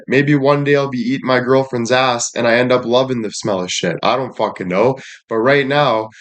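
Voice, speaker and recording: A young man ranting bluntly at his viewers with heavy swearing and repeated catchphrases. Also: medium pitch. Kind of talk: profane rant to viewers.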